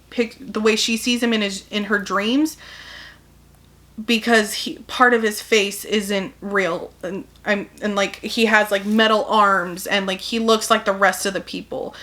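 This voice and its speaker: Chatty woman book vlogger, bright and forward tone, casual plot recap full of "like". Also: mid-range voice, fairly even intonation, takes it slowly. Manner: chatty, peppered with "like", acts out quotes. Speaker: book reviewer.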